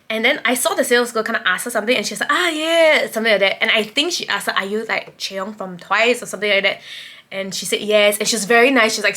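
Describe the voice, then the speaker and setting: A woman's voice: medium pitch, sharp tone. A young woman from Singapore with a Singaporean English accent tells a rambling, breathless storytime vlog, swearing, laughing and dropping to a whisper as she relives the moment. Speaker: vlogger.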